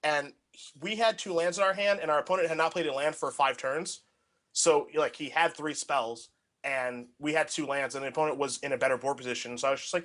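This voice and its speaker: A man's voice: a little high, fairly even intonation, fairly quick, a bit bright. A young man co-hosting a casual chat, telling rambling anecdotes packed with filler words. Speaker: podcast co-host.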